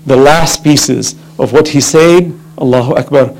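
A man's voice: medium pitch, a little slow, vocal fry, a little mellow, low-quality recording. A man giving an impassioned religious lecture, telling a story with fervent, rising emphasis. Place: mosque or religious center hall.

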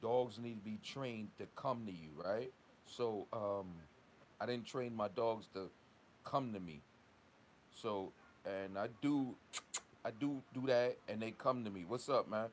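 A man's voice: lowish voice, a little slow, slight background noise. A man from Long Island, a dog kennel owner ranting in a casual vlog, profane and heated, tagging lines with "right?". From Long Island, New York. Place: at work, outdoors.

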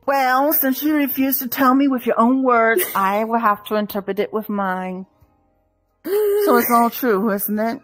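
A woman's voice: a little high, animated, measured pace, soft background music. A woman playing a motherly older woman who dotes on a young hero and playfully pries into her friend's feelings, in a fan audio drama. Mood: teasing, smug. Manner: playfully prying, mock-stern.

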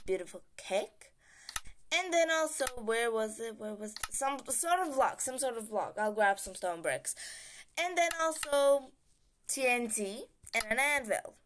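Woman, higher voice, playful game walkthrough chat, hums sound effects, faint background hiss. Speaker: gaming channel host. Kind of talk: casual game tutorial commentary.

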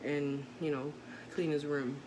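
She speaks a little slowly in a low-pitched voice with little pitch movement. A mother in her thirties, she's vlogging a casual chat to camera that's rambling and heartfelt, with many restarts, and the background is noisy.

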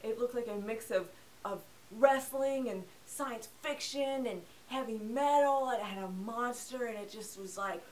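A woman's voice: fairly high pitch, measured pace, a little mellow. Sarcastic young woman reviewing films. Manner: chatty and sarcastic. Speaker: film review host. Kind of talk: casual film review. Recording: voice a bit distant from the mic.

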